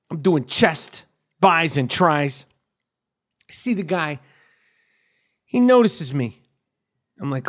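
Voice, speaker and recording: A middle-aged man hosting a podcast, delivering a profane, animated comedic rant full of swearing. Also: a little high. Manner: animated, crude, rapid-fire ranting with swearing. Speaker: podcast host.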